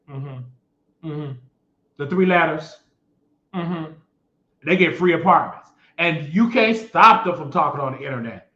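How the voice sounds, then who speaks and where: High-voiced sassy man ranting gossip. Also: pushed and bright. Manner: sassy, mocking, repeats phrases for emphasis. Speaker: show host. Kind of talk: gossip commentary rant. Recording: echoey room, dull lo-fi sound.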